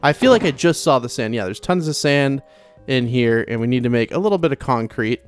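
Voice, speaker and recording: Young male let's-play host, chatty and self-interrupting, soft music under him. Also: medium pitch, expressive, fairly quick. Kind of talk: casual gameplay commentary. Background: soft game music.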